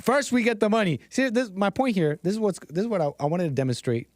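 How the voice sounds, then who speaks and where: Dude rambling on his stream, kinda high voice, dry close sound, keeps restarting sentences. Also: very animated, fast talker, dry recording. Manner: rambling, restarts often, laughs at his own asides. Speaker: host. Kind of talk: casual commentary stream.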